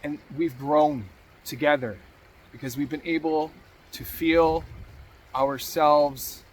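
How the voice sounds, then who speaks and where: A man's voice: fairly high pitch, fairly even intonation, slow, slight background noise. A man hosting a motivational talk, earnest and encouraging, repeating key phrases for emphasis. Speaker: podcast host.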